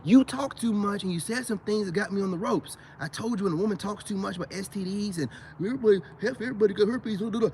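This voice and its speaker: A man's voice: high-pitched, quick pace, slight background noise. A man hosting a livestream, ranting casually and profanely while greeting chat viewers by name. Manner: profane, animated, repeats "you know what I'm saying". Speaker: livestream host.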